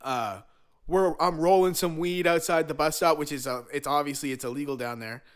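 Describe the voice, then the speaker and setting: A man with a slightly higher voice spinning a rambling, profanity-laced story about a road trip. He talks casually and loads his speech with slang and filler, the way he would with friends on a podcast. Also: moderate pace, smooth.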